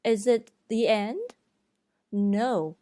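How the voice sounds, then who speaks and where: A woman talks through a beginner's Mandarin lesson at a very unhurried pace, her voice sitting a little high. She is deliberate and clear, demonstrating each pitch, and the close recording is dry, with no room sound. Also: warm tone, no room sound. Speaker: Mandarin teacher. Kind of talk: slow, careful tutorial narration.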